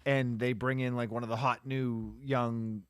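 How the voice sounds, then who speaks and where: A man co-hosting a podcast, casually recapping a movie plot in a rambling, animated way with lots of "like" and restarts. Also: mid-range voice, unhurried, clear, resonant tone, dry recording, studio quality. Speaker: podcast co-host.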